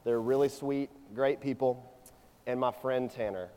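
A man in his twenties delivers a sermon in a conversational, energetic manner, sliding easily from storytelling into teaching. His voice is mellow and warm with a mid-range pitch. The sound rings with the long reverb of a large church hall. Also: unhurried. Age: 20s. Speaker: preacher.

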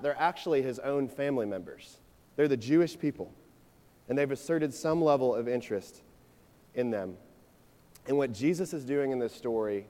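A man in his twenties giving a sermon, telling a personal story in a conversational, energetic way before moving into his teaching. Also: medium pitch. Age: 20s. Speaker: preacher. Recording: long reverb of a large hall.

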